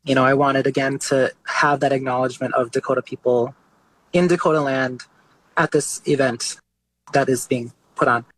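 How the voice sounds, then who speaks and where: A man, an artist being interviewed, talking in a relaxed, chatty way with many fillers. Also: mid-range voice, moderate pace, low-quality recording. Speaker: artist guest. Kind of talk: casual interview talk.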